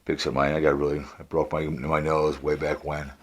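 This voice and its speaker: A man's voice: a bass voice, flat delivery, moderate pace, dry recording. A man from Minnesota rambling casually in a vlog, recorded on a sunglasses camera mic outdoors, with audible heavy breathing and fillers. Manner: rambling, easygoing, trails off with fillers. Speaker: vlogger. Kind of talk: casual product review vlog. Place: outdoors in a backyard.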